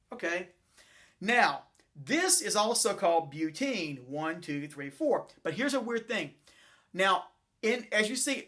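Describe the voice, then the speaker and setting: A man with a somewhat high voice gives a chemistry lesson at the chalkboard. He rambles and corrects himself as he goes, talking through his drawings and models in a loose, unscripted way. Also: sharp tone. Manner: rambling, self-correcting, talks while building models. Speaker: chemistry teacher. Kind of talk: classroom lecture with chalkboard and models.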